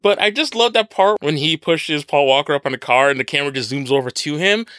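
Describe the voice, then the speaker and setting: A man co-hosting a casual film review podcast, animated and joking, with playful mock impressions. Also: on the high side, fast, no room sound, studio quality. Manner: animated, laughs often, does mock impressions. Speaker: podcast co-host.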